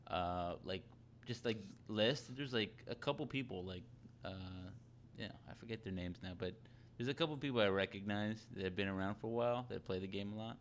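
A man's voice: fairly low pitch, fairly quick, slight background noise. A young man hosting a casual chat, rambling with lots of fillers and restarts.

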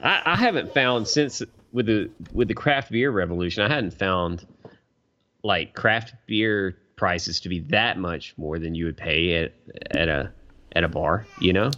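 A man's voice: sits low, measured pace, sharp tone. A man, co-hosting a podcast in easygoing casual chat. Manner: easygoing, adds short asides and agreements. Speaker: podcast co-host. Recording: dull lo-fi sound.

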